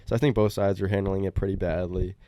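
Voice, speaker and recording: A man's voice: deep voice, little pitch movement, fast talker, warm tone, no room sound. A young man co-hosting a casual sports podcast, talking hesitantly with many fillers. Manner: hesitant, lots of fillers and restarts. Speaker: podcast co-host.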